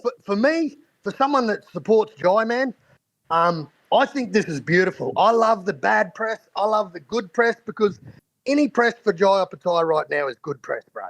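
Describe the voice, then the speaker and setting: A man's voice: high-pitched, lively intonation, normal speed, dry recording. A man from Queensland with an Australian accent, co-hosting a podcast in a blunt, slangy casual chat. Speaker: podcast co-host.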